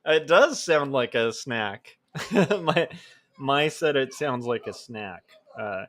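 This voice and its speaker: A man's voice: mid-range voice, animated, slow, fairly bright tone. A man in his forties hosting his own livestream from home, chatting casually with lots of fillers and restarts and poking fun at himself. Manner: rambling and self-deprecating, many fillers and restarts.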